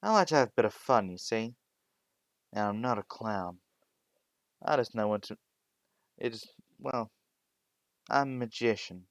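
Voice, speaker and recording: A man voicing a smug, mocking teenage boy magician in a spoken fan-fiction story, with a calm, taunting delivery. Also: on the low side, measured pace, pauses often, no echo, studio quality.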